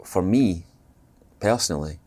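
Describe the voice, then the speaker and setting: A man's voice: low-pitched, expressive, measured pace, darkish tone. A Scottish man, a guest actor, talking casually in a podcast interview, thoughtful and rambling, with many fillers and restarts. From Scotland.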